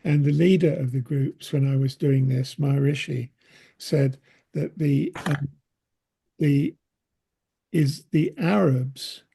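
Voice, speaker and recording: Slow gravelly guy in the audience, kinda husky and mellow, rambles on earnestly. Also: fairly high pitch. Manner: rambling, earnest, many restarts. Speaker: audience member. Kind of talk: casual discussion.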